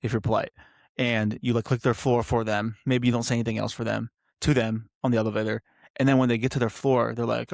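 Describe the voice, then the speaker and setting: A man's voice: mid-range voice, level tone, quick pace, gravelly, a little mellow, no room sound, studio quality. A young man hosting a solo podcast, rambling and interrupting himself with lots of fillers. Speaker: podcast host.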